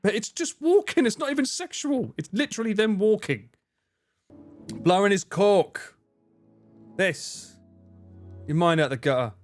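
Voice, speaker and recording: A man streaming live, chatting loosely with his viewers as he plays, full of jokes and casual swearing. His voice sits a bit high and swoops around with lots of animated rises and falls. Faint music plays underneath. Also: a little slow, pauses often. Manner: jokey, animated, swears freely. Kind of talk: casual live-stream chat while gaming.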